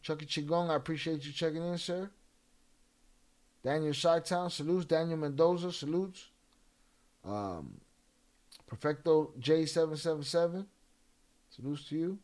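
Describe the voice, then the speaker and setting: A man's voice: a little high, a little slow, pauses often. Slangy, profane livestream host, man. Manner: reads out chat shout-outs in slangy, profane talk; flares up into heated, cursing rants. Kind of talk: casual livestream chat.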